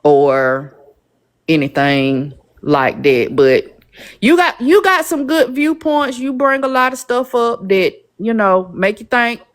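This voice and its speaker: A woman hosting a live-stream panel, speaking calmly and thoughtfully, with frequent pauses. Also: fairly high pitch. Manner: calm, measured, with frequent "um" pauses.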